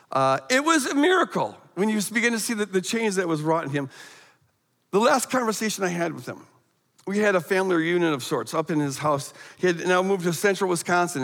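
A middle-aged man giving a guest sermon, telling a personal story with animated, emphatic rises and frequent stammered restarts. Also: high-pitched, creaky. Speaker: guest speaker. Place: church sanctuary. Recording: long hall reverb.

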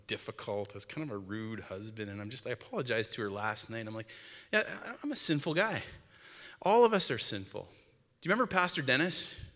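Middle-aged man, guest preacher; casual, chatty storytelling delivery with a bright, forceful tone; church hall with a long reverb tail. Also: mid-range voice. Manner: casual, storytelling, animated quoting of himself. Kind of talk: conversational sermon with anecdotes. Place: church sanctuary. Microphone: stage microphone.

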